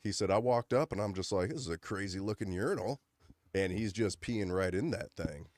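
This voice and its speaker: A man with a lowish voice tells loose, rambling stories on a studio podcast, slipping into voices for the people in them. He is close on the mic, and the sound is dry with no room ring. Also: a little fast, a little mellow, no room sound. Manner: rambling anecdotes with acted-out quotes. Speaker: podcast co-host. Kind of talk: casual chat, storytelling.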